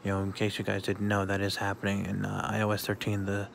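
A man talking casually in a vlog, halting often with fillers and restarts. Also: lowish voice, monotone, gravelly, a little hiss or hum. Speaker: vlogger.

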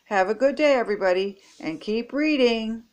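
An older woman reading a picture book aloud to children, expressive and playful with sound effects. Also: on the high side, normal speed. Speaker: storybook reader.

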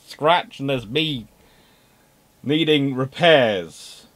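A man's voice: medium pitch, extremely slow, a bit bright, voice pushed up. A man voicing a personified battlecruiser that stammers and whines indignantly at her sister ship. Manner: whiny, stammering protest.

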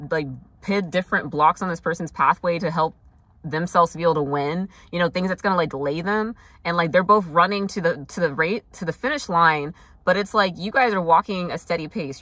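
A woman's voice: on the low side, pushed and bright, no room sound. A young woman doing a casual tarot reading, talking loosely with lots of fillers and frank swearing. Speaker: tarot reader.

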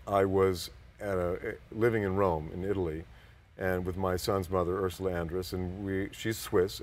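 Older guy with a lowish voice, chatty interview guest going off on long stories and doing other people's voices. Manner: rambling anecdotes, acts out other people's voices. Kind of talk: casual storytelling interview.

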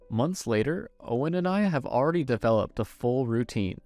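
Expressive male storyteller with lively pitch. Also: moderate pace, hardly any pauses, no echo, faint music behind. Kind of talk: scripted story narration.

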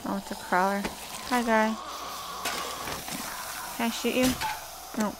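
A woman's voice: a little high, steady tone, slow. A woman casually commentating her gameplay, swearing often and talking back to the zombies. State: wearing a wrist brace. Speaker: gaming channel host. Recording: noisy home recording.

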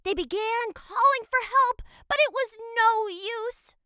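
A woman's voice: extremely high pitch, unhurried, pushed and bright, no room sound, studio quality, exaggerated voice. A woman voicing a cheerful cat mother who narrates a cartoon storybook in a playful way.

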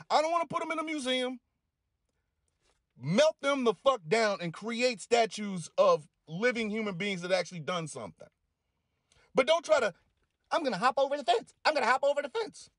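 A man delivering a heated commentary rant, swearing heavily and pushing his voice up into loud peaks. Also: high-pitched, no echo, studio quality. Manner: heated, heavy swearing, rising into shouty peaks. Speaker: commentator reacting to clips. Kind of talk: profane rant.

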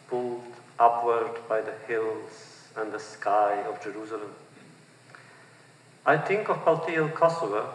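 A man reading aloud from his own novel to an audience, measured and expressive, lifting his voice for the quoted speech. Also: medium pitch, a little hiss or hum. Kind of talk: literary reading before an audience. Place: large auditorium. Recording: distant mic in a reverberant hall.

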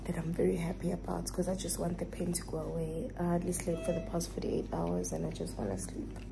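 A woman's voice: lowish voice, steady tone, fairly quick, creaky, background noise. A woman vlogging in a casual, chatty way, talking straight to her viewers. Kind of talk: casual vlog chat to camera.

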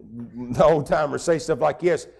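A man's voice: a little high, measured pace, vocal fry, a little mellow, husky. A middle-aged man preaching a sermon as pastor, folksy and emphatic, with rural turns of phrase.

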